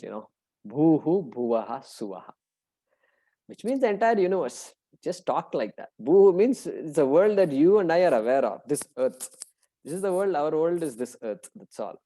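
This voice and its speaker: A middle-aged man teaching a scripture class, talking loosely with fillers and slowing down to chant Sanskrit terms. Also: fairly high pitch, mellow, rough recording. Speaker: Vedanta teacher.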